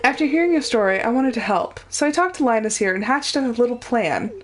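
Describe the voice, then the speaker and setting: A woman's voice: on the high side, expressive, a little fast, slight background noise, lightly acted. A woman reading aloud the lines of a friendly older fisherman, in her own voice. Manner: reading game dialogue aloud without the accent she wants.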